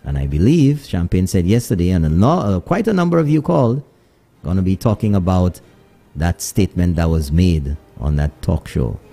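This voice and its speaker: A man's voice: sits low, expressive, moderate pace, mellow, soft background music. A man hosting a call-in radio talk show, greeting listeners in many places and signing off. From Saint Lucia.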